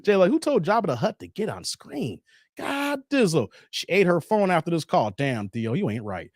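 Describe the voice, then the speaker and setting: Lively, laughing man reading comments. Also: sits high, normal speed, no room sound, studio quality. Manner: animated, laughing, slang-heavy banter. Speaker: host reading viewer comments. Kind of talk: casual commentary on a video.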